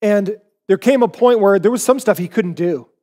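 A man in his forties preaches a sermon with a fairly high voice. He tells stories animatedly, dropping into the voices of the people he quotes. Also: moderate pace, darkish tone. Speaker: pastor.

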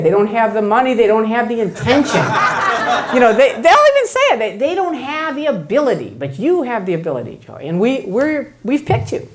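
A woman acting out a pushy, flattering female recruiter who coaxes someone in a talk. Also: high-pitched, voice pushed up. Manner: coaxing, flattering.

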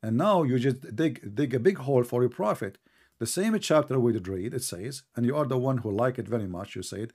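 A man's voice: medium pitch, lively intonation, a little fast, a little mellow. A man hosting a live debate, mocking and interrupting his caller. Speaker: debate host.

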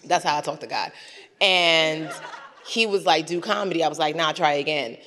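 A woman's voice: low voice, moderate pace. Nigerian-born woman telling stories in an echoey hall. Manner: animated and laughing, acts out voices. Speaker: panel guest. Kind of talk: storytelling on a panel. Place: large hall with an audience.

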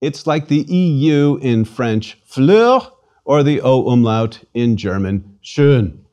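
Slow-spoken man teaching pronunciation. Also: medium pitch, warm tone, muffled recording. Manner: patient, slow, repeating words for drill. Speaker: language lecturer. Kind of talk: scripted pronunciation lesson. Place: studio.

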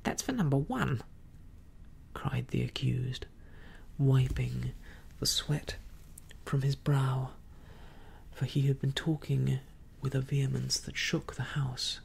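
A storyteller reading a classic adventure novel aloud in a soft, slow whispered role-play. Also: mid-range voice, level tone, gravelly, a little hiss or hum.

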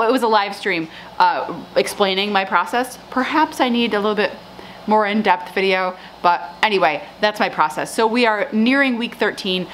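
Woman, flower-farm vlogger, chatty and self-deprecating, mid pitch, faint background hiss. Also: fairly bright tone. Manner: chatty and bubbly, laughs at herself. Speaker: flower farmer and channel host. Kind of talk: casual seed-starting vlog.

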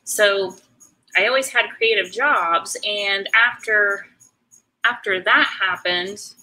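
A middle-aged woman chats at a slow, easy pace while she paints, with a bright, forward tone. She rambles, stops to answer comments and is full of ums and restarts. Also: mid-range voice, a little hiss or hum, low-quality recording. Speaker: artist hosting a live painting stream. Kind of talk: casual chat while painting.

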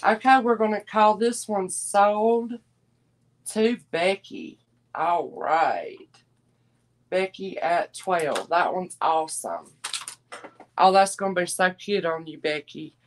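A woman's voice: on the low side, slow pace. A middle-aged woman, chatting folksily with viewers as she hosts a live clothing and jewelry sale. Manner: chatty, folksy, calls viewers y'all and darling.

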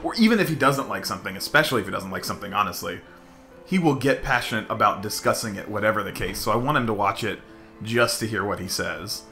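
Chatty gameplay co-host, man, bright, tense-edged voice. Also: lowish voice, lively intonation, quick pace, faint music behind. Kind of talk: casual gameplay chat.

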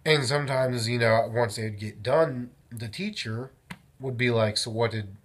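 A young man talking casually in his daily vlog, rambling and animated as he tells a story and often interrupts himself. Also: mid-range voice, measured pace, breathy edge. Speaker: vlogger.

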